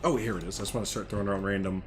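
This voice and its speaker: A man's voice: fairly low pitch, steady tone, very fast. A man hosting a casual gaming livestream, chatting in a rambling, sarcastic, joking way. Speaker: livestream host.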